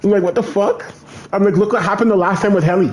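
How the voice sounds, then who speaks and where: A man's voice: high-pitched, quick pace, a little mellow. A man streaming casually, rambling through stories with lots of swearing and repeated phrases. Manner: rambling storytelling, heavy swearing, repeats himself. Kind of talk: casual chat over a game.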